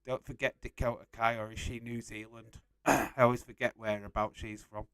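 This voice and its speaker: A man's voice: mid-range voice, flat delivery, moderate pace, fairly bright tone, clean tone, dry recording. A young man casually hosting a live stream, reading out and answering chat messages and laughing often.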